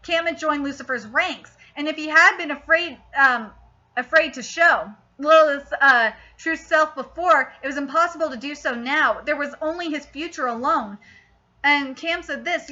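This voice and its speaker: A woman vlogger recapping a novel in a casual, gushing and excitable way, with filler words. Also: high-pitched, moderate pace. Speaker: book vlogger. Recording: dull lo-fi audio.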